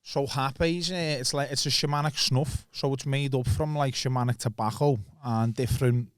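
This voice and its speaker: A man, a podcast guest, explaining at length in a calm, casual way with many restarts. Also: mid-range voice, normal speed, no echo. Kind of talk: casual chat.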